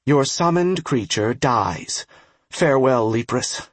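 A game's system announcer calling out combat events in a measured, even way, read by a man narrating the book. The voice is husky and recorded dry and close. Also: medium pitch, no echo. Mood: announcing. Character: flat in-game system announcer voice.

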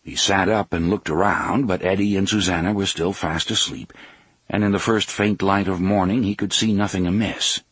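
A man narrating an audiobook in a steady, even reading voice. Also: low voice, normal speed, breathy edge, no echo. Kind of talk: scripted narration.

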